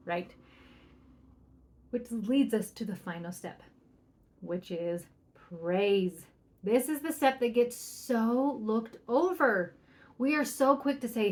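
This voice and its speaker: Speaking slowly and pausing often, this middle-aged parenting coach uses a slightly high voice on her podcast. She's chatty and upbeat, keeps asking "right?", and acts out soft quoted lines while giving advice.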